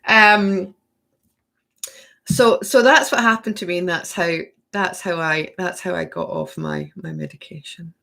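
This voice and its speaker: A woman's voice: lowish voice, sing-song, moderate pace, vocal fry, few pauses, fairly bright tone. A woman in her thirties hosting a spiritual workshop live stream, chatting with viewers and tagging sentences with okay and right. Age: 30s. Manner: laughs often between sentences. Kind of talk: live stream chat answering viewer questions.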